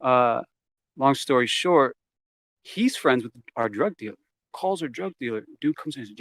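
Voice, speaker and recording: Profane, animated man telling a story. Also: medium pitch, moderate pace, dry recording. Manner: profane, animated, acts out quoted lines. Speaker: interview guest. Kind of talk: casual storytelling.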